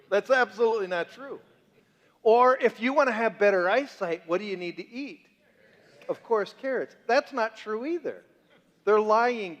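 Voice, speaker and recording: A man preaching as a pastor, conversational and joking, full of rhetorical questions to the congregation. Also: sits high. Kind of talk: sermon. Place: church sanctuary. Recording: reverberant church hall.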